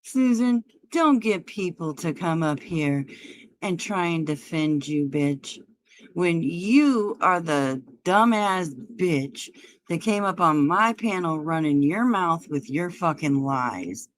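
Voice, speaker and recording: Slow-talking taunting woman livestreamer. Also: fairly low pitch, animated. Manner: taunting, profane, mocking. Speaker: livestream host. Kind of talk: heated livestream argument.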